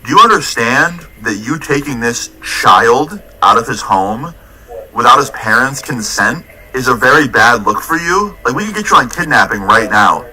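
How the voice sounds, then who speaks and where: A man's voice: medium pitch, expressive, normal speed, sharp tone, rough recording. A man doing a stern police chief. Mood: lecturing. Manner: lecturing, authoritative. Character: stern middle-aged male police chief.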